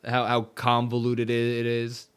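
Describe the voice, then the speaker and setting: This livestream host speaks at a measured pace in a smooth, medium-pitched voice with a completely flat delivery. He's chatty, reading out viewer comments and complaining about his tech while setting things up.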